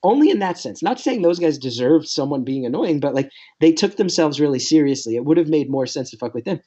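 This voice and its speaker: A man's voice: a little high, expressive, fairly quick, warm tone, lo-fi sound. A man in his late thirties, a comedian guest telling a story in a rambling, nervous, self-deprecating way. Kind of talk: casual podcast storytelling.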